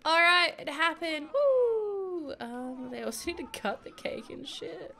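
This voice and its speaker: A woman's voice: high voice, very animated, measured pace, fairly bright tone, a little hiss or hum. A young woman giving chatty, giggly commentary while playing a life-sim game. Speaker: gaming video creator. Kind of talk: casual gameplay commentary.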